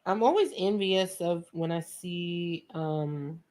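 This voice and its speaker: A woman's voice: lowish voice, takes it slowly, a little mellow. A woman with a New York accent hosting a painting tutorial, chatty and playful, talking to viewers like friends. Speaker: art tutorial host. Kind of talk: casual painting tutorial chat.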